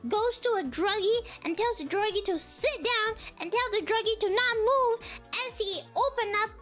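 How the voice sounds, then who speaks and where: A young woman streamer chats in an extremely high, squeaky voice. She is excitable, full of exclamations, and mocks herself as she tells a story. Soft music plays quietly underneath. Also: normal speed. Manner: excitable, exclaiming, self-mocking. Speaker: virtual streamer. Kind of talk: casual storytelling chat.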